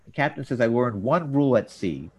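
A man hosting a casual talk show, recapping scenes and jumping into quoted lines with an animated delivery. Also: brisk, husky. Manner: animated, jumps up in pitch for quoted characters. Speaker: podcast host.

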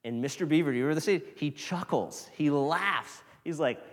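A male pastor giving a casual, conversational sermon, swinging from loud emphasis to hushed near-whispers. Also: on the high side, a little fast, hardly any pauses. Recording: long reverb of a large hall.

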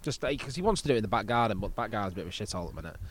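Fast-talking man, crude banter. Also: fairly low pitch, lively intonation, fairly bright tone, slight background noise. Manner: quick, joking, crude banter. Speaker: podcast host. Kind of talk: casual pub chat.

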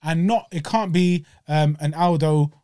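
A man's voice: on the high side, measured pace, mellow, dry recording. A young man talking fight talk on a podcast, in a laid-back, slangy way. His voice sits a bit above average, and the sound is dry and close with no room around it. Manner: laid-back, slangy, clears throat often. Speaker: podcast co-host. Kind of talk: casual sports chat.

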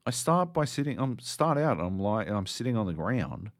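A man's voice: fairly low pitch, expressive, normal speed, hardly any pauses, no room sound, studio quality. A man co-hosting a podcast, ranting sardonically and swearing constantly in casual chat. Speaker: podcast co-host.

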